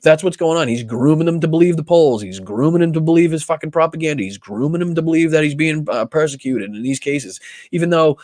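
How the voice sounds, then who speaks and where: A man's voice: on the high side, lively intonation, quick pace, darkish tone, no echo. A man with a Boston accent hosting a political live stream, ranting with heavy profanity. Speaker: political podcast host.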